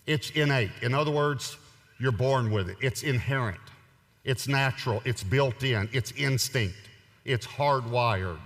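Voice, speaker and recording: Male pastor, mid pitch, chatty humorous sermon delivery, long reverb of a large auditorium. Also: a bit bright. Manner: conversational, humorous, emphatic repetition.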